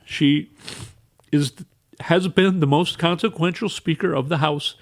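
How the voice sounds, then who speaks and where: A man hosting a radio show, tearful and weepy, speaking haltingly with restarts. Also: on the high side, steady tone. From Minnesota. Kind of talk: emotional radio monologue.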